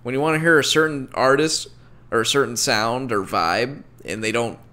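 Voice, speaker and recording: A young man co-hosting a casual podcast chat, relaxed and agreeable, laughing often. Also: mid-range voice, normal speed. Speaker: podcast co-host.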